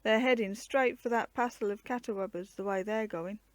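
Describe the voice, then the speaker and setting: A woman voicing a gruff male woodsman who growls his words in blunt frontier speech. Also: medium pitch, moderate pace, no room sound, lightly acted. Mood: wary.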